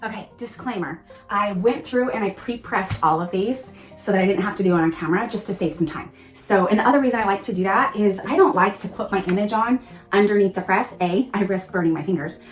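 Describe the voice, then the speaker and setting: A woman hosting a casual crafting tutorial, gushing and excitable, often exclaiming over her work. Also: medium pitch, a little fast, echoey room, faint music behind. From Pacific Northwest of the US. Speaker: crafting channel host.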